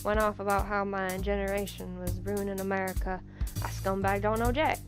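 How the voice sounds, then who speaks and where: Woman voicing a blunt young male cabbie, put-on Southern drawl, gruff, music bed underneath. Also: medium pitch, level tone, moderate pace, close to an everyday voice. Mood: grumbling. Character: young angry male taxi driver, blunt.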